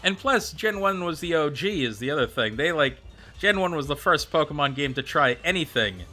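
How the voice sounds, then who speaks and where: A man's voice: a little high, expressive, normal speed, bright, forceful tone, faint music behind. A man streaming and chatting casually with viewers, rambling with plenty of fillers and answering them by name. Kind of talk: casual livestream chat.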